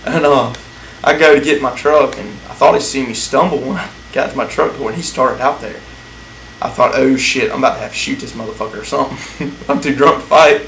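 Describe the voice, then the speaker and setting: A man's voice: mid-range voice, a little fast, creaky, fairly bright tone, reverberant, slight background noise, poor audio. A man telling a crude, profane comic story about a date, drawling and laughing at his own jokes.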